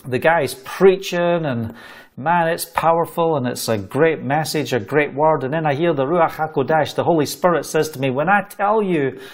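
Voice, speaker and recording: A travelling preacher from Scotland shares his testimony through animated storytelling, laughing between phrases. His voice leans high, and he speaks at a normal speed.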